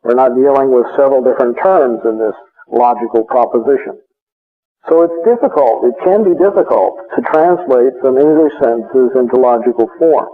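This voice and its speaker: Man, lecture, measured delivery, hesitant fillers, tinny narrow-band recording. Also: medium pitch. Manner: measured, explanatory, frequent uh fillers. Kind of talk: classroom lecture on logic.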